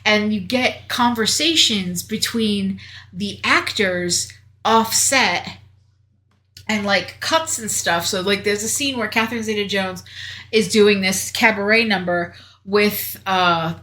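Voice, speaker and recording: A woman co-hosting a movie podcast, retelling scenes in an animated, chatty way and acting out the characters' lines. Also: medium pitch, unhurried. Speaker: podcast co-host. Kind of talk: casual movie review chat.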